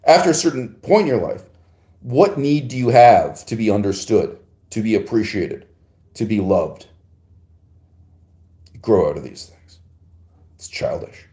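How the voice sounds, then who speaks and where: Fields: Sex: man. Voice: low-pitched. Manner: emphatic, laughing. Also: expressive, measured pace, long pauses, dark tone, roomy sound. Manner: digressive and emphatic, with frequent laughs and rhetorical "right?". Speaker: podcast host reading and answering a listener's email. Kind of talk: philosophical monologue.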